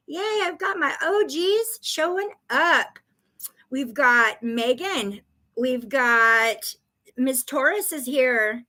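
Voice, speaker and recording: Excitable woman on a live stream, high voice, chatty and giggly. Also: a little slow. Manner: bubbly, excited, greeting viewers by name; chatty storytelling with laughs. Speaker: psychic reader hosting a live stream. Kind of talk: casual live-stream chat.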